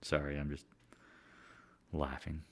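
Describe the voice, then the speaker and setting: A man's voice: very deep voice, level tone, takes it slowly. Rambling, joking man on a market stream. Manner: joking, rambling, laughs at own jokes; sings and mimics other traders in silly voices. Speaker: market chat host. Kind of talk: casual live-stream market commentary.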